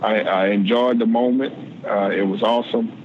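A man's voice: fairly low pitch, steady tone, normal speed, narrow, tinny audio, slight background noise. A man in his forties, a former pro football player, talking as a podcast guest and often repeating words as he searches for them. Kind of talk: casual podcast interview.

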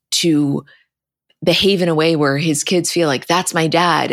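Woman, low voice, dry close mic, casual rambling recap chat. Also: no room sound. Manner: rambling, quick, recounts scenes in a flat retelling voice. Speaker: podcast co-host.

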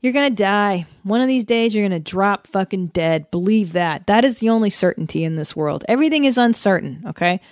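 A woman in her thirties from the United States, hosting a solo podcast in a casual, animated rant full of swearing and laughter. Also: mid-range voice, a little fast, few pauses, no echo, studio quality. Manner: animated, profane, laughing often. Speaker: podcast host.

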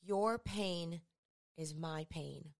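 A woman voicing a gentle, comforting male divine figure, speaking softly and reassuringly. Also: deep voice, extremely slow, creaky, voice pushed down, heavily acted. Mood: tender. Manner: soft, hushed, reassuring.

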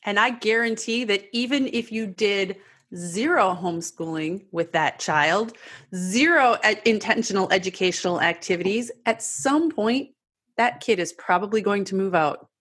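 A woman's voice: medium pitch, normal speed, a bit bright, husky. A woman co-hosting a parenting podcast who asks guests questions and talks casually to listeners. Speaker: podcast co-host.

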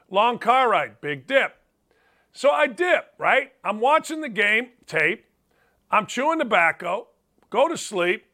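A man's voice: high-pitched, bright, forceful tone. A man in his fifties hosting a sports talk show, telling stories emphatically and repeating phrases for effect. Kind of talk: animated sports talk monologue.

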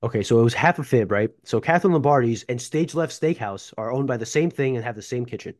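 A man's voice: medium pitch, expressive. A man co-hosting a casual sports podcast as a beat reporter, joking at his own expense with plenty of fillers. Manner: quick, self-deprecating, with fillers.

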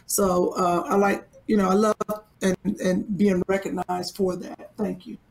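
A woman co-host chats in easy, relaxed banter, full of "uh" and "you know". Her voice sits at a medium pitch. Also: measured pace, gravelly. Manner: relaxed, warm banter with many fillers. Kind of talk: casual chat.

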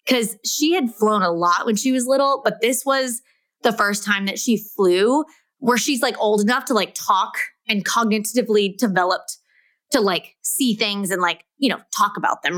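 A woman's voice: mid-range voice, a bit bright. A young woman hosting a podcast, chatting casually and laughing often, with many fillers. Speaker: podcast host. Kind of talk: casual chat.

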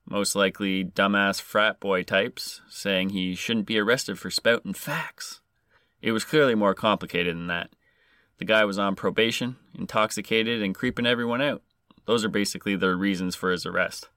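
A man's voice: fairly low pitch, moderate pace, sharp tone, clear, resonant tone, no echo, studio quality. A man hosting a podcast, reading a scripted story with crude, sarcastic jokes. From Canada. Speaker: podcast host.

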